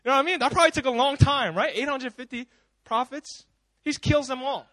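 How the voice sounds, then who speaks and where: Man, pastor, casual sermon, animated storytelling, very high voice, dry sound. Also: a little fast, no echo. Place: church service.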